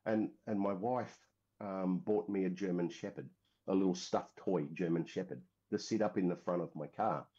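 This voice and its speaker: A man's voice: low-pitched, normal speed, mellow. An Australian man from Western Australia, a middle-aged military veteran telling his story in a casual, rambling way with many fillers and restarts. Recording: dull lo-fi recording.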